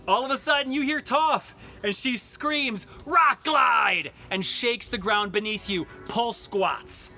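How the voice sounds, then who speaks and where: A cheery man with a high, bright voice leads a workout class at an unhurried pace. He mixes cues with puns, and faint music plays behind him. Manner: upbeat, cheery, cracks puns. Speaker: fitness instructor. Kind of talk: live-streamed workout class with jokes. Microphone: camera mic he adjusts.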